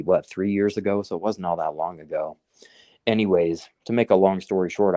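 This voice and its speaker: A man's voice: low voice, a little mellow, dry recording, studio quality. A man co-hosting a casual podcast, telling a heated story full of swearing. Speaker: podcast co-host. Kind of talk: casual chat.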